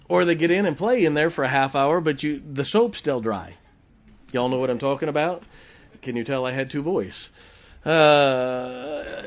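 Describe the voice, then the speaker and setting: A middle-aged man preaching a folksy sermon, often asking the congregation questions. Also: fairly high pitch. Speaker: pastor.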